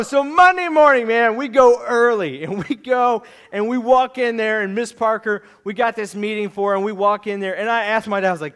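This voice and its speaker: Animated high-voiced male preacher. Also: brisk. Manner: animated storytelling, acting out quotes, shouting at peaks; earnest, preacherly. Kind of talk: sermon with personal story.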